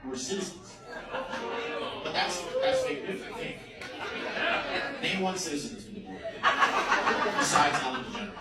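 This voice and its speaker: A man's voice: fairly high pitch, wildly swooping pitch, moderate pace, long pauses, a loud crowd. A man doing a stand-up comedy set, crude and mocking, swearing often. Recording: noisy live show recording.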